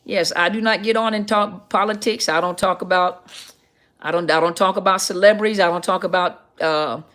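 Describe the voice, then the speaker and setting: A woman's voice: lowish voice, steady tone, normal speed, a bit bright. A middle-aged woman, a counselor, hosting a casual livestream Q&A, chatty and greeting viewers by name as she reads their comments.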